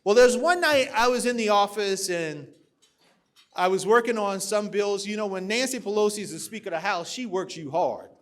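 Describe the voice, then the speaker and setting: A man's voice: sits high, lively intonation, normal speed. A man from South Carolina, giving a political keynote speech at a podium microphone, moving from folksy storytelling to rousing, emphatic oratory. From South Carolina, USA. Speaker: keynote speaker at a party dinner. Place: large banquet hall, at a podium.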